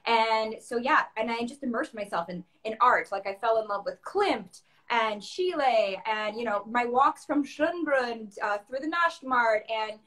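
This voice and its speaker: A woman from Chicago chats as an interview guest, her voice sitting a little high. She tells her story with lively energy, voicing her past self in quoted asides and laughing as she goes. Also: a little slow, few pauses. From Chicago, USA. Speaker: guest opera singer.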